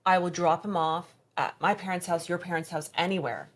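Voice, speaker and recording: A woman as a podcast guest recounting a personal story in conversation, halting and reenacting past dialogue. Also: lowish voice.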